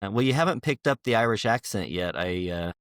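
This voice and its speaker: A man's voice: lowish voice, animated, a little fast, no echo, studio quality. A man hosting a podcast, reading a scripted intro and then chatting in a friendly, easygoing way. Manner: friendly, easygoing, some filler words. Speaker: podcast host.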